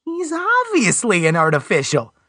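A man's voice: huge pitch swings, normal speed, sharp tone, dry recording, exaggerated voice. An impulsive young man who protests in a raised, strained voice, as a male audiobook narrator puts him on. He drags out his complaints. The recording is dry and close. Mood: indignant. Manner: protesting, raised pitch, drawn out.

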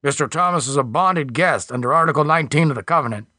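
A man's voice: a little high, fast, pushed and bright, no room sound. A polite, formal customs official who speaks in a courteous, official tone, as a male narrator puts him on. The recording is close and dry.

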